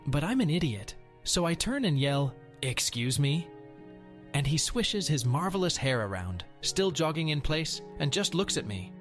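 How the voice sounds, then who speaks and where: A man's voice: a little high, big pitch swings, normal speed, soft background music. Wry male narrator reading a Reddit post.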